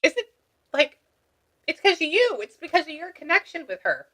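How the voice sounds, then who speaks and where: A woman spiritual medium giving a reading, animated and exclamatory, breaking off to mutter asides. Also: very high voice, normal speed, noisy background. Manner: excited, exclamatory.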